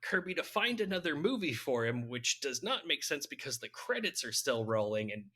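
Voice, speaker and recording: A man's voice: mid-range voice, sing-song, normal speed, bright, forceful tone. A man co-hosting a podcast, casually recapping a film's plot with wry, laughing asides. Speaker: podcast co-host recapping a film. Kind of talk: casual chat.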